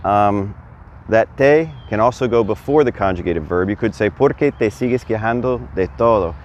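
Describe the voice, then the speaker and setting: A man's voice: lowish voice, slight background noise. A man giving a casual, chatty video lesson as a Spanish teacher, quizzing the viewer and encouraging them. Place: outdoors. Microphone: camera on a stand.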